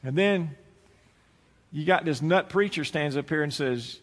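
A man's voice: fairly high pitch, a little slow, pauses often. A man preaching a sermon to his church, folksy and storytelling, acting out both sides of a conversation. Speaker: pastor. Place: church sanctuary. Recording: church hall with long reverb.

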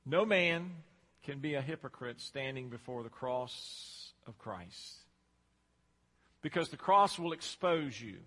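A man's voice: mid-range voice, animated, slow, sharp tone. A man preaching a sermon, talking emphatically and repeating himself for effect. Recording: long hall reverb.

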